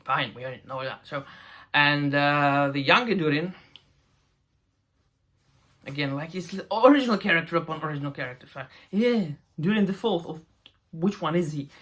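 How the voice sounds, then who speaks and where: Man, exasperated rant, sarcastic, swearing, lively swooping pitch. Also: moderate pace, long pauses. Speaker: YouTube reviewer. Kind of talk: ranting show review.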